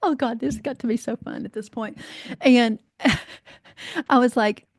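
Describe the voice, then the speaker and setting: A woman's voice: a little high, unhurried, gravelly, no echo. Storytelling woman from North Carolina, dry sound. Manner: lively anecdote-telling, acts out quoted voices, frequent "you know", swears freely. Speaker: guest, life coach. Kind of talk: casual storytelling in a podcast interview.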